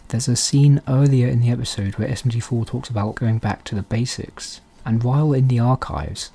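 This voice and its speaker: A man hosting a fan theory channel, talking quietly and softly through a scripted commentary. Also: fairly low pitch, breathy edge. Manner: quiet, hushed, soft-spoken delivery.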